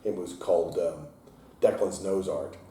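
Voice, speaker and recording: A man with a low, mellow voice tells his stories with energy and acts out the people he quotes. He sits a little back from the mic in a very echoey taproom, and a faint hiss runs underneath. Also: a little slow, recorded from a distance. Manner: animated storyteller, acts out quotes in a raised voice. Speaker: brewery owner and head brewer. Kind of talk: casual storytelling interview. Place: inside his brewery taproom.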